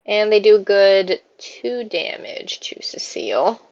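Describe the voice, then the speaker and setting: A woman narrating a tabletop game as game master, relaxed and halting with many fillers. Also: mid-range voice, dry recording, dull audio.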